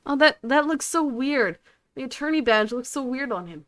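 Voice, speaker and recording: A woman's voice: high-pitched, animated, normal speed, noisy background. A woman commentating casually while playing a game, giggly and self-mocking. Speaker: gameplay commentator. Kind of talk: let's play commentary. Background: game music.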